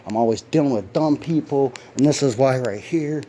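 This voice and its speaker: A man's voice: medium pitch, normal speed, mellow, slight background noise. A young man ranting on a handheld phone video outside his house, angry and profane, with blunt slang and an irritable edge from constant pain. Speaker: homeowner vlogging. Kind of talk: ranting vlog.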